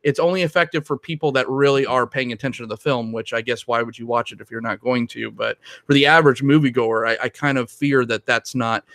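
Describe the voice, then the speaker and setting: Film podcast dude, rambles, lots of ums, middle voice. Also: male voice, medium pitch, steady tone, brisk, hardly any pauses, fairly bright tone, no room sound. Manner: rambling, with frequent restarts and ums. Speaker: podcast co-host. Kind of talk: casual film discussion.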